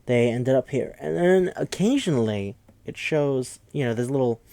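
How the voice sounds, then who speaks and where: A man's voice: mid-range voice, animated, normal speed, gravelly, warm tone, no echo. Rambling, profane man recapping a movie. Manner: rambling, profane, acts out characters' lines. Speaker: podcast host.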